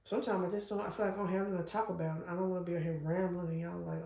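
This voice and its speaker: A woman's voice: lowish voice, racing, gravelly. A middle-aged woman hosting her crafting channel, rambling chattily with fillers and telling stories eagerly. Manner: gets loud and excited when retelling a scare. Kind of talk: casual chat while crafting. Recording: echoey room with faint noise.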